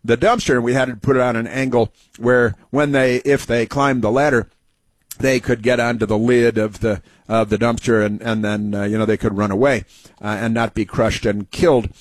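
A man's voice: mid-range voice, steady tone, normal speed, dry recording. A man hosting a talk show in a rambling, folksy monologue full of restarts. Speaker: radio talk host. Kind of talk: casual monologue.

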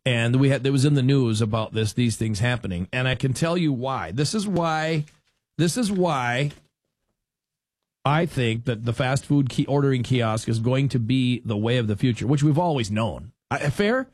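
A man's voice: medium pitch, normal speed, hardly any pauses, darkish tone, dry recording. A man hosting a talk radio show in casual, rambling chat, sarcastic and full of restarts and self-corrections.

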